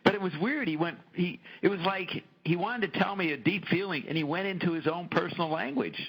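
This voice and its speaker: A middle-aged man hosting a casual talk show, telling animated anecdotes and swearing freely. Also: high-pitched, brisk, breathy edge, low-quality recording. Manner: animated storyteller, frequent profanity. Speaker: podcast host. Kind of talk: casual conversation.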